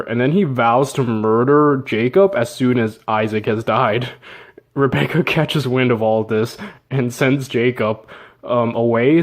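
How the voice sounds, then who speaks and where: A man casually retelling an old story with jokes, slang and asides. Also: mid-range voice. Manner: joking, slangy, with fillers and laughs. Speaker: narrator.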